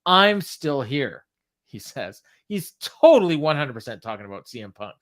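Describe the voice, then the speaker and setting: Very animated and fairly quick, another male podcast co-host uses a warm, mid-range voice to recap a show. His casual chat rambles with many fillers, and he reads quotes aloud.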